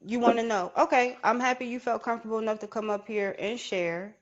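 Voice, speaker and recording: A woman hosting a live stream, brisk and encouraging as she gives speakers the floor. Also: a little high, steady tone. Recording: muffled live-stream audio with faint noise.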